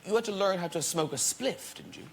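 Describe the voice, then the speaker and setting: A man's voice: high voice, animated, brisk, gravelly, heavy background noise. A man hosting a talk show, teasing his guests and breaking into giggles. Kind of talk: casual chat. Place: TV studio with audience.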